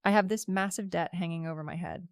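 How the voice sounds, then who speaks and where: A woman's voice: fairly low pitch, fairly even intonation, fast talker, no room sound, clean studio sound. A young woman narrating a first-person story in a casual, chatty way, with lots of "like" fillers.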